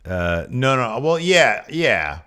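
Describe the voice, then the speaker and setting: A man co-hosting a casual wrestling podcast, rambling with lots of fillers and sudden lively jumps. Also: slow pace. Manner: rambling, filler-heavy, animated jumps in pitch. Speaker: podcast co-host.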